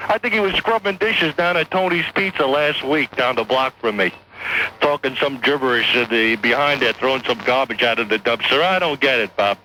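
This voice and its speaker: A man's voice: mid-range voice, fairly quick, pushed and bright. A man calling a talk radio show, mocking and provocative. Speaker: caller. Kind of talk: call-in radio caller. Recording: hissy AM radio phone call.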